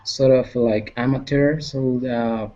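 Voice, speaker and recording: A man talking as a guest on a casual guitar chat, halting and hesitant, with many fillers. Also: mid-range voice, steady tone, mellow, muffled recording.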